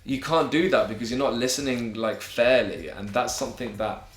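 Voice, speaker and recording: At a normal speed and in a mid-range voice, a young YouTuber from England answers questions sent in by viewers for his advice vlog. He comes across as earnest and encouraging, leaning on friendly slang, and the recording has an echoey room and a music bed.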